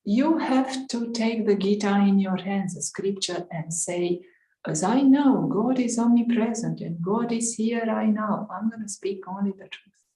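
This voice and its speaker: A woman's voice: mid-range voice, a little slow, warm tone, pitched above the performer's own voice, lightly acted. Angry scolding judge, man, stern and demanding, a woman doing him, roomy echo.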